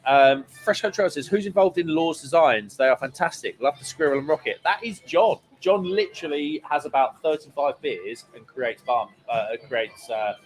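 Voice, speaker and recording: A playful man with a slightly high voice reads out viewer comments and jokes around as he co-hosts a live pub stream. He chats casually and laughs easily. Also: moderate pace, few pauses, rough recording. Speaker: quiz host and co-host. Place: pub taproom.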